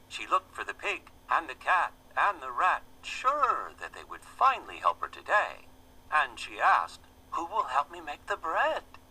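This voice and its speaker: A man reading a children's fable aloud in a gentle, expressive storybook manner. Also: medium pitch, slightly rough, rough recording.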